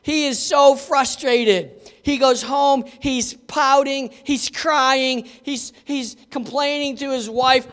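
A man preacher with a strikingly high, bright and clear voice, retelling a Bible story in an animated, conversational way. He turns to the listeners with asides. A long hall reverb trails behind his words. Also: takes it slowly. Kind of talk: dramatic Bible storytelling sermon.

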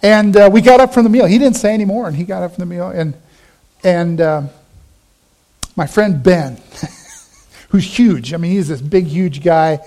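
A middle-aged man, a pastor, giving a conversational sermon and telling a personal story, quoting friends in a lowered voice. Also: normal speed, long pauses, mellow.

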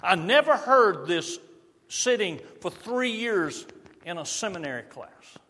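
A middle-aged man preaches with a lively, rising-and-falling delivery, his voice a little higher than most men's. He swings from full projection down to near-quiet, slow emphasis. The long reverb of a large hall trails every phrase. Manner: varies loudness widely, drops to soft slow emphasis. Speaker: pastor. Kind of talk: sermon.

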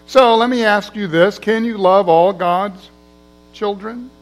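Slow-speaking male preacher. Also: high-pitched, poor audio. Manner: conversational preaching, acts out quoted voices. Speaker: pastor. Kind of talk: sermon.

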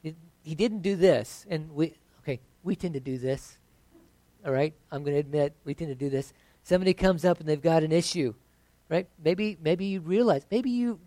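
A pastor preaching a conversational sermon that builds to emphatic points. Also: male voice, a little high, warm tone, dry recording.

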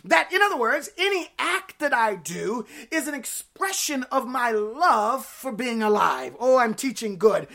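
A woman pastor preaching a sermon, talking in a lively and conversational way and turning to the congregation with playful asides. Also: high-pitched, unhurried.

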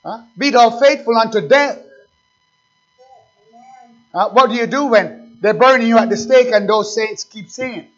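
A male pastor with a high voice preaches a sermon, pressing his listeners with rhetorical questions and climbing in fervor. The recording sounds dull and lo-fi. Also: moderate pace, long pauses, a bit bright.

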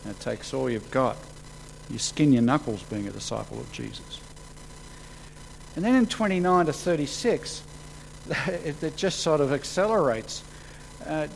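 Animated man preaching. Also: measured pace, gravelly, pauses often, slight background noise, poor audio. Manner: animated, acts out quotes with sudden jumps in pitch and loudness. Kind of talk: sermon.

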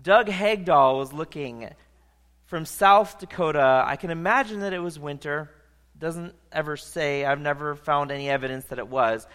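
A man preaching a sermon, telling a story in an animated, conversational way. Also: a little high, normal speed, clean tone. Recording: long reverb of a large hall.

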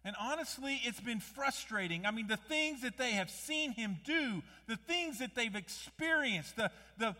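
Guy preaching a sermon, high voice, lots of rhetorical questions, gets loud then drops, long reverb. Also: unhurried, few pauses. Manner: animated, rhetorical questions, rising to loud emphasis. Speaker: pastor.

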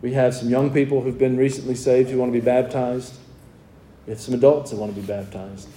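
Fervent preacher in a roomy church. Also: male voice, medium pitch, fairly even intonation, brisk, mellow, a little hiss or hum. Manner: fervent preaching that shifts to friendly talk with the congregation. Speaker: pastor. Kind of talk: sermon. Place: church sanctuary.

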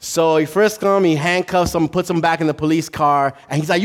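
Male pastor, higher-pitched, animated sermon delivery with acted-out story voices. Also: normal speed, few pauses. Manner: animated, acts out voices in a story, laughs at own jokes.

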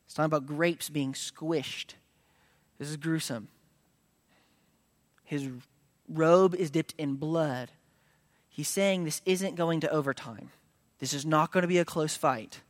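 A man preaching a sermon, moving between casual asides and loud, emphatic declarations, at times dropping to a hush. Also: a little high, takes it slowly, long pauses, dry recording. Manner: conversational preaching that swings from hushed to loud and emphatic. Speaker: pastor.

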